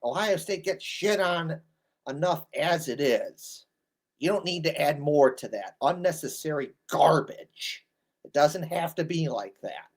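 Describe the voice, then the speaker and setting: A man's voice: a little high, animated, unhurried. A man in his thirties ranting bluntly in an exasperated, scolding commentary. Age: 30s. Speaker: sports commentator.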